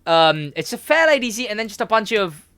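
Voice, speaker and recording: Young man with a lively rambling voice. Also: high-pitched, brisk, clear, resonant tone. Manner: rambling, animated, laughs often. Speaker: podcast co-host, gaming segment host. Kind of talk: casual podcast chat.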